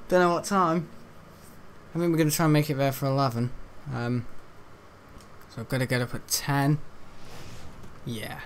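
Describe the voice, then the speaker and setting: A man's voice: a little high, expressive, a little slow, long pauses, a bit bright, a little hiss or hum. A young man, rambling and joking casually while playing a video game. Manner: rambling, chatty and jokey, laughs at own jokes. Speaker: gaming channel host. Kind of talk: casual let's-play commentary.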